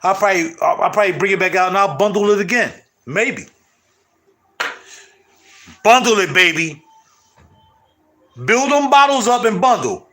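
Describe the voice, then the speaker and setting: A middle-aged man hosting his channel, chatting casually to viewers in loud, animated, slangy street talk. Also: sits high, moderate pace, pauses often. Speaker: channel host.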